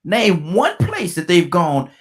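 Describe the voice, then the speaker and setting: A middle-aged man hosting a call-in radio talk show, repeating himself and restarting his sentences, slowing right down to read out a phone number. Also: high-pitched, huge pitch swings, husky.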